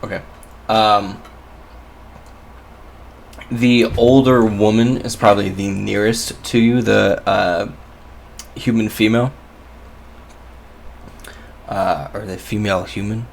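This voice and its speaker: A man running a tabletop game as game master, lively, with many fillers. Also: fairly low pitch, slow, gravelly, long pauses, slight background noise.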